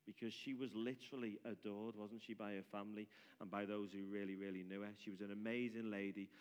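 A church leader, a man, introducing a testimony in a halting way with frequent restarts. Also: on the low side, level tone, a little mellow, clear, resonant tone. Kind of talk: leading a church service. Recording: long hall reverb.

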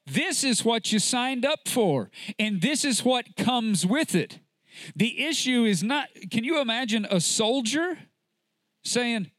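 A man's voice: very high voice, expressive, slow pace, fairly bright tone, no echo, studio quality. A man preaching a sermon to a congregation, emphatic and full of rhetorical questions.

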